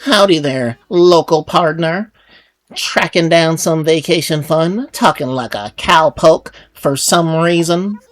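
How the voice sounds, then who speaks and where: A folksy cowboy horse villager from a cute cartoon game, drawling his words in an easygoing cowpoke way, as a man reads the lines aloud. The voice sits higher and louder than a plain speaking voice, with a light cheerful lift. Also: slow pace, faint music behind. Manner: drawling Western cowpoke talk. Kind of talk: reading game dialogue aloud.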